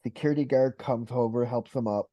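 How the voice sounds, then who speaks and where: A man's voice: mid-range voice, steady tone, a little fast, dark tone, dry recording. A man hosting a podcast interview, talking casually and retelling a personal story with quoted voices. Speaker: podcast host.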